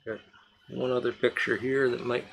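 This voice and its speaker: A man's voice: medium pitch, little pitch movement, normal speed, creaky, low-quality recording. A man hosting a casual live-stream charity auction, chatting and reading out bidders and their bids. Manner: chatty, reads out bidders and amounts. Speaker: livestream charity auction host.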